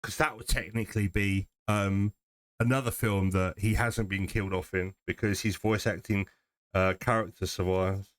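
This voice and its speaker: A livestream host from southern England chats casually while building a model kit, rambling and restarting his sentences. His voice is lowish and steady at a moderate pace, in a dry recording.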